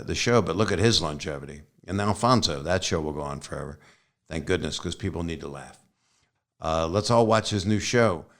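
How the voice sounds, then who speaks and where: Older male podcast host, low-pitched, loose jokey riffing, mumbled asides. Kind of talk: casual interview chat.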